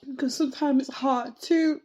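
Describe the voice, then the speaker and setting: Near tears, a podcast host speaks slowly and reflectively about something personal, circling back over her words as she tries to find them. Her voice sits high, steady and warm.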